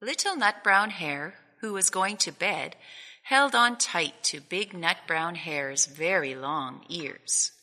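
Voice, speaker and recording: A woman teaching children, reading a storybook aloud in a gentle, patient, inviting way. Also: lowish voice, lively intonation, takes it slowly. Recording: echoey hall with long reverb.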